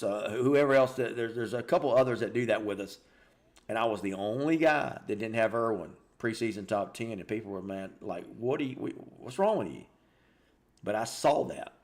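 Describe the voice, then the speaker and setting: Chatty man hosting a football stream. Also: mid-range voice. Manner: chatty and animated, reacting aloud with stunned exclamations and repeated words. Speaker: host of a high school football show. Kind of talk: casual live-stream commentary reading scores and viewer comments.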